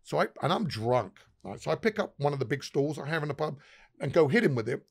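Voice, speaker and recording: A man's voice: on the high side, animated, quick pace, gravelly, husky. A man, a pub owner and guest, telling profane, laughing anecdotes in casual conversation. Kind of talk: casual storytelling chat.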